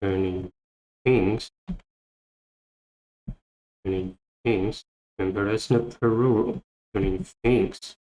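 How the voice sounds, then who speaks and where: A man teaching English vocabulary, repeating each word and phrase slowly as he explains. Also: on the low side, darkish tone, low-quality recording. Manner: repeats words many times, thinking aloud. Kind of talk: slow, repetitive vocabulary lesson.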